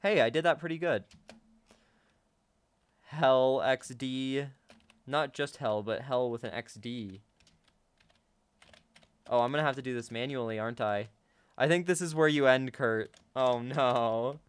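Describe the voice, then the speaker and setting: An excitable young man talks his viewers through a game at his computer desk, gasping and laughing between remarks. His voice comes through smooth and clear. It sounds dry and close to the mic. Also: mid-range voice, a little slow, pauses often, dry recording. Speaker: gaming YouTuber. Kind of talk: casual gameplay commentary.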